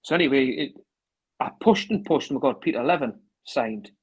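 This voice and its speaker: A man with a North East English accent telling rambling football anecdotes, acting out old phone calls with a steady run of "I says". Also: medium pitch, brisk, husky, low-quality recording. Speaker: interview guest, former club manager.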